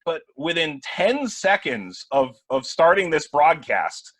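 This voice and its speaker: A man in his twenties, a play-by-play broadcaster, telling animated anecdotes in a casual interview with many fillers and restarts. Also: on the high side, slow, dry recording. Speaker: play-by-play broadcaster, podcast guest. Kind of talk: casual storytelling chat.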